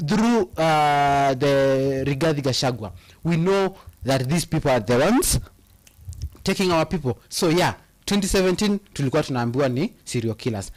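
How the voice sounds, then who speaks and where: A Kenyan man hosting a casual chat and reading out viewer comments, mixing Swahili into his English with halting restarts. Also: fairly high pitch.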